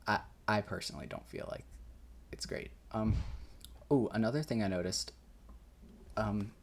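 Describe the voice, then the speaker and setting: A man's voice: lowish voice, normal speed, creaky, a little hiss or hum. A man casually rambling and reacting while music plays at home, swearing and chuckling now and then. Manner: rambling and laid-back, swears, chuckles often. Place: at home in his room. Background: game soundtrack playing softly.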